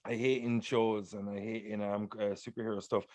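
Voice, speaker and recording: A man's voice: fairly low pitch, little pitch movement, fairly quick, warm tone, no room sound. Brief: laughing, swearing male podcast co-host, casual chat, close dry recording. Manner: laughs often, swears, many fillers.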